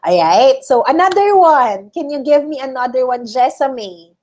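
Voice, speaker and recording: A woman teacher with a Filipino accent delivers an online class lecture over a video call, often checking in with "okay?" and "all right?". Her voice is high with lively intonation, normal speed, and a darkish tone.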